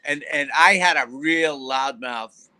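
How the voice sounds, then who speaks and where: A man co-hosting a sports call-in show, chatting casually and telling stories with lively impressions of other people. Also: on the high side, slow, rough recording. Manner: storytelling with lively mimicry of others. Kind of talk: casual chat.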